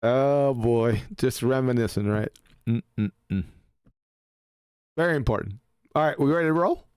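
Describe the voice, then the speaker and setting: A man's voice: medium pitch, unhurried, a little mellow, clean tone, dry recording. Laid-back male podcast host. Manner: laid-back, laughs often. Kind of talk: casual chat.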